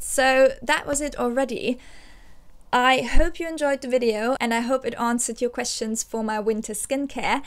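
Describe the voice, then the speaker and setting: A woman's voice: fairly high pitch, clear, resonant tone. A young woman, a native German speaker, talking casually to camera about her skincare and correcting herself as she goes. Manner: chatty, musing, with fillers and self-corrections. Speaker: beauty vlogger.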